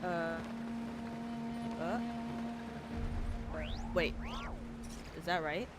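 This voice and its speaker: A woman's voice: lowish voice, extremely slow. A woman streamer giving rambling, casual commentary as she plays, thinking aloud and swearing often. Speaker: game streamer. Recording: streamer mic with loud game music.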